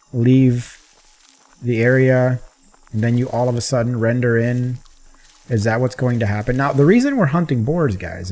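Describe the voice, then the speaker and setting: A man casually talking through his gameplay as a gaming channel host, chatty and rambling, getting excited at times. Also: mid-range voice.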